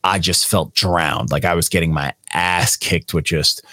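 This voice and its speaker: A man's voice: low voice, fairly even intonation, a little slow, sharp tone, no echo, studio quality. A young man co-hosting a podcast, chatting casually about albums in a rambling, slangy, profane way. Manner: laid-back, slangy, profane, rambling with fillers. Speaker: podcast co-host reviewing albums. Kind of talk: casual chat.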